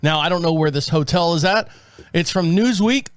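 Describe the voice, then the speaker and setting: A man's voice: on the high side, moderate pace, clear, resonant tone, dry recording. A man hosting a podcast in a studio, talking in a rambling, chatty way full of asides and jokes. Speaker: podcast host. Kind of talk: casual chat. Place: podcast studio with several cameras.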